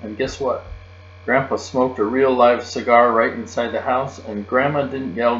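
A man's voice: medium pitch, steady tone, normal speed, a bit bright. A man narrating a children's book aloud in a childlike first-person storytelling manner. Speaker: audiobook reader. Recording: roomy, dull, with mains hum.

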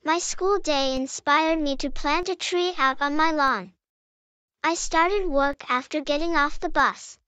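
A woman voicing a cheerful young schoolgirl who is quick to cry, in a homemade cartoon. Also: high-pitched, pushed and bright, dry recording. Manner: eager, chatty, quick to cry. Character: young schoolgirl, cheerful, fears getting wet.

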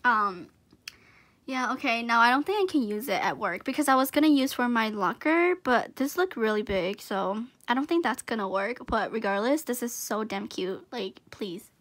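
A woman's voice: fairly high pitch, expressive, moderate pace, a bit bright. A young woman gushing and giggling as she unboxes gifts in a casual vlog.

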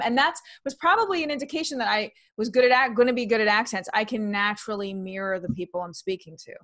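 A woman comedian from New York, her accent mostly trained out, talking in a casual interview in an animated, chatty way, laughing often and restarting her sentences. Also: on the high side. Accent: slight New York, mostly trained out. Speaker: comedian and actress guest.

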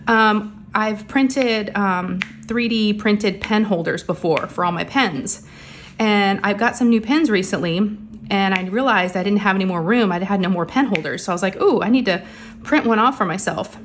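A woman's voice: medium pitch, moderate pace. A middle-aged woman, chatting casually while crafting in her craft room, a little out of breath and under the weather, rambling with many fillers. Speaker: crafting vlogger. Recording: faint background hum of printers.

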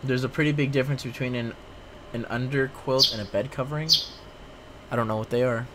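A man's voice: medium pitch, fairly even intonation, fairly quick, heavy background noise. A young man giving let's play commentary, sarcastic, exasperated and full of swearing. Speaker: gameplay commentator.

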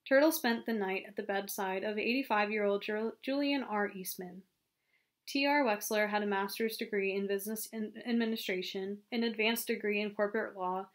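A woman reading a novel aloud as an audiobook narrator, in a steady storytelling manner. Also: mid-range voice. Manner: steady storytelling with small self-corrections. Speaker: audiobook reader. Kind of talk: scripted narration.

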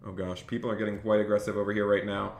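A man's voice: on the low side, flat delivery, rapid-fire, roomy sound, slight background noise. A man streaming a role-play game, chatting with viewers, thanking donors and getting flustered as he serves customers. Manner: chatty, reads out viewer donations, gets flustered and overwhelmed. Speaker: gaming streamer. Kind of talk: live-stream commentary while role-playing a restaurant worker.

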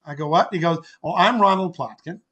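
An older man with a high voice tells a long personal story as a podcast guest. His tone is bright and forceful. He rambles, repeats words and acts out what people said. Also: a little fast, muffled recording. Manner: acts out quoted speech with lively voices. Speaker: podcast guest, author and artist.

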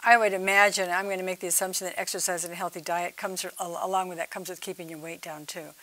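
A woman's voice: lowish voice, little pitch movement, fast talker, sharp tone. A woman hosting a TV interview, asking attentive questions and murmuring assent often. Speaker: host. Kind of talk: TV interview talk.

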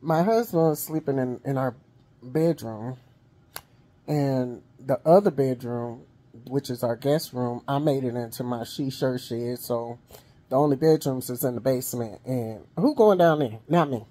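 A middle-aged woman tells a casual vlog story in an unhurried, low voice. Her tone is husky and breathy, and a wheeze and a cough come through her speech. She talks chattily and keeps calling her viewers honey and y'all. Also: mellow. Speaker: vlogger.

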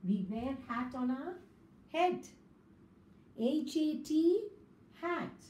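A woman's voice: high voice, lively intonation, extremely slow, warm tone. A woman teaching young children a phonics lesson, spelling out letters one by one in a sing-song way. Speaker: kindergarten teacher. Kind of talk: slow classroom phonics lesson. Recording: echoey room with faint ambience.

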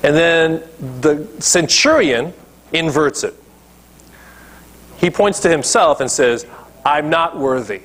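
A man's voice: on the high side, expressive, slow pace, long pauses, fairly bright tone. A male pastor preaching a sermon emphatically, often checking in with his listeners. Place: church.

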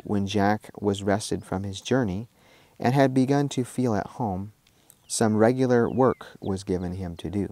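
Male minister, storybook read-aloud, measured, lowish voice, dry room. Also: a little mellow, dry recording. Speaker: minister reading a lesson story.

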